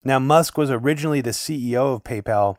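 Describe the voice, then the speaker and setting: A man's voice: mid-range voice, fast talker, darkish tone, no echo, clean studio sound. A man co-hosting a political podcast, talking at length with a sarcastic edge in long, run-on sentences. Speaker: podcast co-host. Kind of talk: casual political podcast chat.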